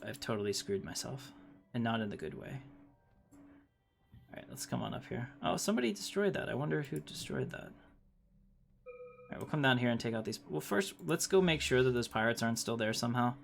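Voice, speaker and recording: A man's voice: medium pitch, vocal fry. A man casually commenting on his strategy game livestream, thinking aloud, reading game text and chatting with viewers. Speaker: streamer playing a strategy game.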